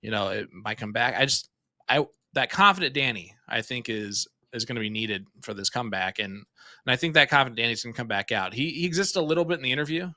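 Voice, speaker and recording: A young man doing casual, excitable live darts commentary from a small streaming room, chatty with lots of fillers. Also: medium pitch, fast talker, dry recording, clean studio sound.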